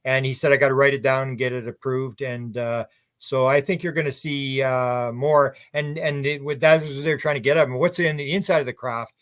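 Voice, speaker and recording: A man's voice: medium pitch, steady tone, fairly quick, fairly bright tone. A man guest on a radio talk show, telling rambling anecdotes with many restarts. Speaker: UFO researcher guest. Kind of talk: casual radio interview chat.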